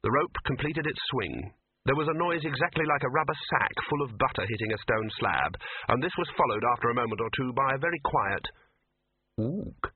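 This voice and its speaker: A man narrates a story with dry, wry delivery and a husky, breathy tone. The recording is narrow and tinny, like a phone line, and sounds close and dry. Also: mid-range voice, animated, fairly quick, no echo. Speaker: audiobook narrator. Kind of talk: scripted narration.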